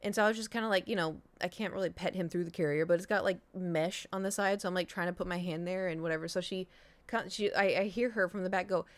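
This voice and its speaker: A woman's voice: fairly low pitch, fast talker, no room sound. Young woman streamer rambling through a story, lots of likes and restarts, dry close mic. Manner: rambling, animated, frequent fillers and restarts. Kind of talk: casual storytelling chat.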